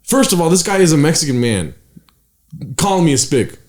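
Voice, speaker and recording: A slightly high-voiced man, a stand-up comedian co-hosting a podcast, tells a story fairly quickly in casual chat. He swears and stays animated, peppering it with fillers and unfinished, trailing sentences.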